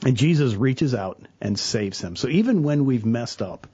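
Lively, husky-voiced man. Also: medium pitch, normal speed, lo-fi sound. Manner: earnest, animated storyteller, quotes people in voices. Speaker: church worker, guest on a talk show. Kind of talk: casual faith talk.

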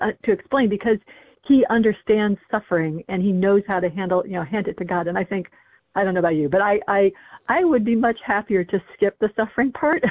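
A woman's voice: medium pitch, dry recording. Brief: woman guest calling in by phone, thin lo-fi sound, easygoing chat. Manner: warm, laughs between thoughts, hesitant fillers. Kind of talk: casual chat about saints. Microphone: phone call. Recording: tinny phone line.

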